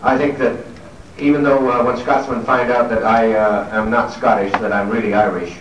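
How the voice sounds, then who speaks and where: A man's voice: mid-range voice, flat delivery, moderate pace, highs cut off. Genial middle-aged man in an echoey hall. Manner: genial, joking with the audience, many ums and restarts. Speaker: guest actor at a fan convention Q&A. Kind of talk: live stage Q&A, chatty anecdotes. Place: large convention hall with an audience. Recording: distant, echoey, noisy 1970s hall recording.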